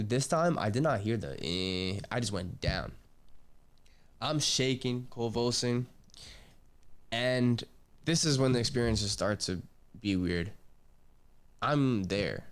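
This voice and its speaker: Low, smooth-voiced young man telling his story. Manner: loose, slangy, swearing, trailing off and restarting. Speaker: podcast host. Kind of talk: personal storytelling monologue.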